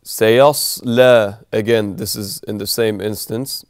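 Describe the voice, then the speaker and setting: Male recitation teacher, patient and methodical, with a gravelly, resonant voice and dry close sound. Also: lowish voice, fairly even intonation, moderate pace, a little mellow, no room sound. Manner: patient, repeats and contrasts examples; switches into melodic recitation. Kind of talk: explaining recitation rules.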